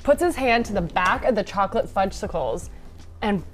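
A woman's voice: medium pitch, expressive, a little fast, soft background music. A woman co-hosting a casual chat podcast, telling a story and acting out the people in it. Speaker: podcast co-host.

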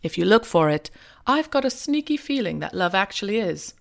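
Brief: woman doing a middle-aged British PM, earnest and a bit hammy, even middle pitch. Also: a little fast, gravelly. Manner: mock-solemn, self-consciously clumsy British accent. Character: middle-aged British male prime minister narrating.

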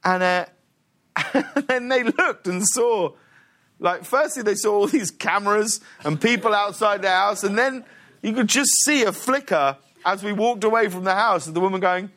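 A man, a talk show guest telling a long story in casual chat, animated and laughing often. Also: high voice, normal speed.

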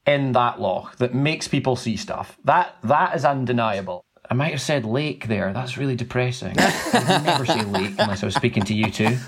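Northern Scottish man, husky voice, wry and laughing, podcast co-host. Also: mid-range voice, expressive, moderate pace, hardly any pauses. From north of Scotland. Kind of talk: casual chat.

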